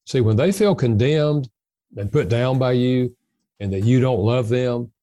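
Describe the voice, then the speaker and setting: Mellow-voiced older man giving advice. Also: medium pitch, unhurried, no room sound. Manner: gentle, folksy advice-giving. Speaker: guest author. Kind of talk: interview conversation.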